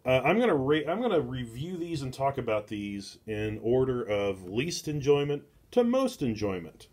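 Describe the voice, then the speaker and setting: A man's voice: medium pitch, very animated, a little mellow. A middle-aged man hosting a casual book club, reviewing comics in a rambling way full of filler words and restarts. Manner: slow and deliberate.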